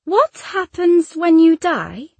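A man doing a plaintive little girl, high and slow. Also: sing-song, creaky, no echo, heavily acted. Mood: plaintive questions. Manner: plaintive, questioning. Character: hungry, curious eight-year-old girl. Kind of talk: audiobook character voice.

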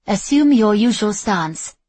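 A woman voicing a composed female sword mentor who speaks in a measured, instructive way. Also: medium pitch, animated, a little mellow, breathy edge, no room sound, pitched above the performer's own voice. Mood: coaching.

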